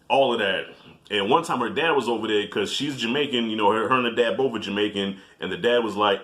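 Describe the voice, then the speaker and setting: A man reviewing a film in a casual vlog, telling animated stories, swearing freely and addressing viewers directly. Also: on the low side, fast talker.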